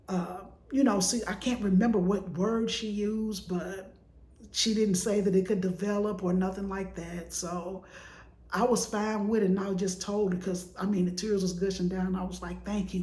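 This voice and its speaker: A woman telling a personal story to her viewers in a casual chat, acting out what people said. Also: medium pitch. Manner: animated retelling with acted-out quotes. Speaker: vlogger. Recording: echoey room.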